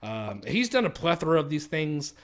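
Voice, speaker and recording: A man's voice: a little high, very animated, normal speed, fairly bright tone. A young man ranting profanely in casual chat on a stream, mocking others with exaggerated voices. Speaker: streamer co-host.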